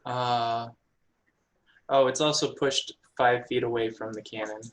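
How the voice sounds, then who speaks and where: A man's voice: mid-range voice, fairly even intonation, measured pace. A man running a tabletop game as game master, patiently explaining the rules to the players.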